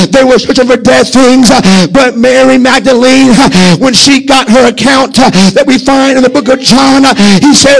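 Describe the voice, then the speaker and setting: A man preaching a fervent sermon as a pastor, swinging between shouting and hushed tones and filling pauses with frequent "uh". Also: very high-pitched, creaky. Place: church livestream.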